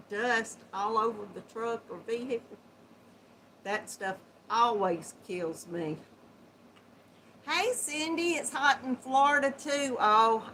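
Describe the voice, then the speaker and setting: Slow, bright-voiced Southern woman. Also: medium pitch, slight background noise, rough recording. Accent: Southern US, Georgia. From Georgia, US. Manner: warm folksy greetings with terms like hon and sweetheart; slow, chatty, laughs often. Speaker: host of a yarn chat livestream. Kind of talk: casual livestream chat greeting viewers. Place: home, seated at a computer. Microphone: built-in laptop microphone.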